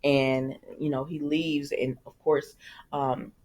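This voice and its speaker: A woman's voice: low-pitched, little pitch movement, slow pace, darkish tone. A woman hosting a casual soap opera recap, chatty and talking straight to her viewers. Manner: chatty, addresses viewers as "y'all".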